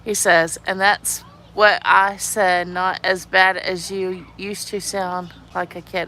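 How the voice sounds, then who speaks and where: A woman's voice: mid-range voice, a little slow. A young adult woman with a childlike voice, chatting casually and giggling as she reads out viewer comments on a livestream. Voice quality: childlike, youthful-sounding voice. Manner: giggly, animated, laughs often. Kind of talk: casual live chat reading viewer comments.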